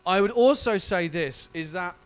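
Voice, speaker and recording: A male pastor preaching a sermon in an emotional, effusive and animated way. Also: high-pitched, normal speed, smooth.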